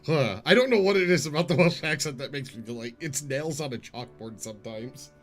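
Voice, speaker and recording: A man's voice: fairly high pitch, animated, fairly quick, soft background music. A man chatting casually and bluntly, tossing in wisecracks. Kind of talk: casual chat.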